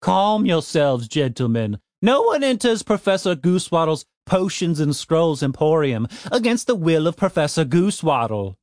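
A man's voice: on the high side, very animated, moderate pace, hardly any pauses, a little mellow, dry recording, clean studio sound, pitched above the performer's own voice. Man doing a grumbling old gnome wizard. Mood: grumpy. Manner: sleepy, grumbling, fussy. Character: small grumpy old male gnome shopkeeper wizard.

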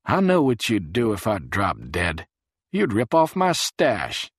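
A man's voice: on the low side, huge pitch swings, slow, husky, no room sound, studio quality, pitched above the performer's own voice, exaggerated voice. A man voicing a thick-voiced, sour grumbler. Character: sick, crude, grumbling man.

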